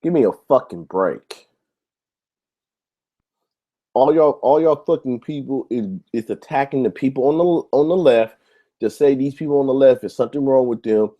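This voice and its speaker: A man's voice: medium pitch, normal speed, pauses often, highs cut off. Heated, profane man ranting on his show. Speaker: YouTube show host. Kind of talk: ranting monologue to camera.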